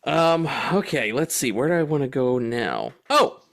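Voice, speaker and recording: A man co-hosting a film podcast, telling a story in a lively, profane, fast-bursting way. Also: mid-range voice. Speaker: podcast co-host. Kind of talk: casual film podcast chat.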